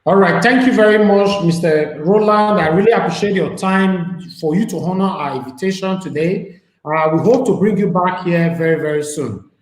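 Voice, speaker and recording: This is a male host on a live online interview stream, his voice sitting fairly high for a man. He talks loosely and keeps dropping in "you know" and "um" as he goes. The room he's in gives everything a noticeable echo. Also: normal speed.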